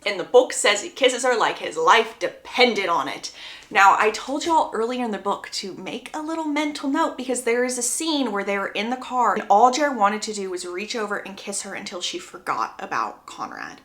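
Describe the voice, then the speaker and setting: A young woman retelling a book's plot in a chatty, animated way, stopping to share her own opinions. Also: medium pitch, normal speed, reverberant. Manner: animated, gushing storyteller who breaks off to give opinions. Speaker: book recap creator. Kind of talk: chatty book plot recap.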